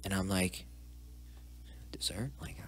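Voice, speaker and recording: A young man, a podcast guest, telling a personal story in a rambling, profane way and dropping into hushed asides. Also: low-pitched, a little fast. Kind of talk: casual storytelling interview.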